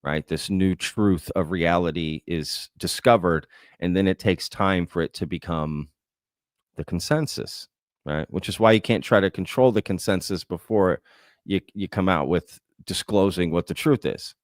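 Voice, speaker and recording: Reading chat comments during a livestream Q&A, this male host thinks out loud in a chatty way, frequently ending points with "right?". His voice sits low at a normal speed, and the recording is dry and studio-grade.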